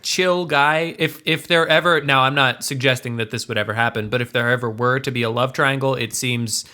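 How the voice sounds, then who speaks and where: A man joking around and laughing easily in a casual podcast chat. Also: medium pitch. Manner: animated, joking, quick to laugh. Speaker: podcast co-host.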